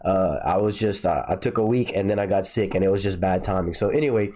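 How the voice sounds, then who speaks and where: A man's voice: low voice, quick pace, darkish tone. A man hosting his own video channel in a casual solo talk, sounding stuffy from a head cold and rambling with many filler words and restarts. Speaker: crypto channel host.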